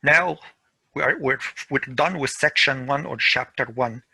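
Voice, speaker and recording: Slow gravelly man teaching grammar. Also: medium pitch, bright, forceful tone, rough recording. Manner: slow, repeats words for pronunciation drills. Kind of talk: classroom grammar lesson.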